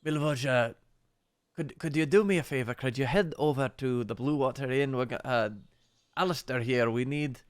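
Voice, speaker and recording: A man's voice: medium pitch, steady tone, moderate pace, long pauses, close to an everyday voice. A man voicing a middle-aged male village priest who is kindly and concerned, his accent slipping toward Russian. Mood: earnest.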